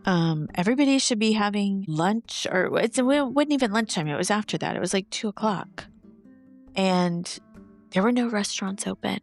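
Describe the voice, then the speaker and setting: A woman's voice: mid-range voice, normal speed, soft background music. A woman hosting a podcast, telling personal stories in a theatrical, self-mocking way with playful asides. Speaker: podcast host. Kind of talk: personal storytelling monologue.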